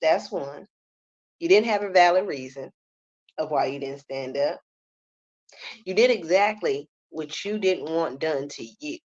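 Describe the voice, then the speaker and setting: This reality TV reviewer speaks low and at a measured pace, pausing often, her tone darkish and the recording muffled. Her casual commentary is blunt and sassy, with "okay?" capping her points.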